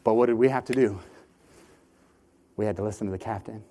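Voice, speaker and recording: Animated man preaching a storytelling sermon. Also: lowish voice, brisk. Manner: animated storyteller who often repeats words when starting a phrase. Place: church sanctuary.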